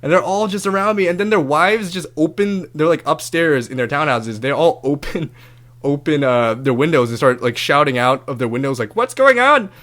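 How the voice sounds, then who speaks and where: A man on his own podcast telling a story in a loose, chatty monologue, with a voice set a little high for a man. He swears freely and jumps into raised, animated voices when he quotes other people. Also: moderate pace. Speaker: podcast host.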